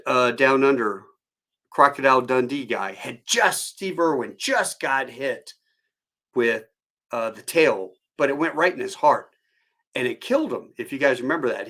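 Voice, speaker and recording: A man's voice: medium pitch, a bit bright. A man in his fifties, a pilot, telling a rambling story on a solo live stream, full of fillers and side tangents. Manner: rambling and digressive, with many fillers.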